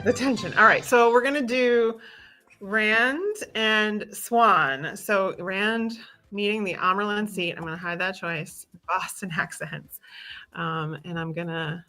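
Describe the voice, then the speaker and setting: A woman's voice: mid-range voice, takes it slowly, pushed and bright, faint music behind. A woman hosting a livestream in casual chat, chatty and self-deprecating, laughing often. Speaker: livestream host.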